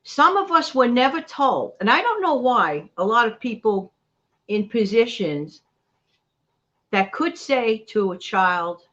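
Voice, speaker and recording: Middle-aged New York woman, livestream host, upbeat motivational chatter, higher voice, lo-fi mic. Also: sing-song, takes it slowly, fairly bright tone. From New York City. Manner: chatty, motivational, talks straight to viewers. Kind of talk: casual live chat.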